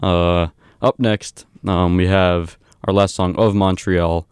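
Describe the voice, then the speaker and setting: A man working as a radio DJ, casually back-announcing songs in a halting way, with many ums and uhs. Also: sits low, fairly even intonation, darkish tone, clear, resonant tone, no room sound, clean studio sound.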